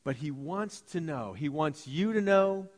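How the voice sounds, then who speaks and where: Animated male preacher in a reverberant hall. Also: fairly high pitch, measured pace. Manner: animated, conversational preaching with acted-out voices. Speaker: pastor. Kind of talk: sermon. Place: church sanctuary.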